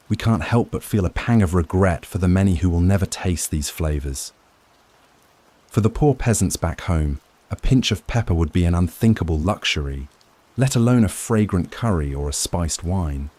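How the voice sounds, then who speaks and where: Male sleep-story narrator with a very low voice; calm, soothing, measured scripted history reading.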